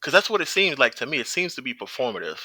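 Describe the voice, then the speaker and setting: A man's voice: mid-range voice, big pitch swings, fast talker, bright, forceful tone, no echo, low-quality recording. A man on a casual chat podcast, building his argument with pointed questions. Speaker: podcast panelist.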